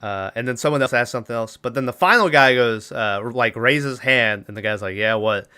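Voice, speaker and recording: A man's voice: mid-range voice, a little fast, sharp tone, clear, resonant tone. A man hosting a podcast, casually retelling a movie's plot and acting out the characters' lines with laughs. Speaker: podcast host.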